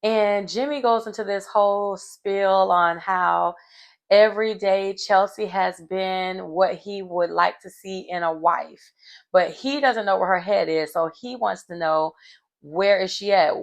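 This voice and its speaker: A woman's voice: fairly low pitch, measured pace. A woman recapping a reality show episode in a casual, gossipy, emphatic way, her voice jumping up when something shocks her.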